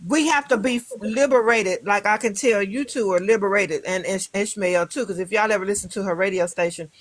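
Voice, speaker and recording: A woman's voice: medium pitch, a bit bright, dry recording. Emphatic rambling woman, dry close sound. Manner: rambling, emphatic, many restarts. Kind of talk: casual discussion.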